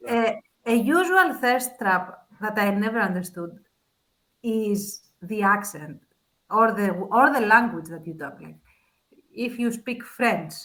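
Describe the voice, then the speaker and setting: Lady chatting on a podcast, bright clear voice, frank and chatty. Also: medium pitch, animated, poor audio. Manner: frank, chatty, quick to laugh. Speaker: podcast co-host. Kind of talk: casual chat.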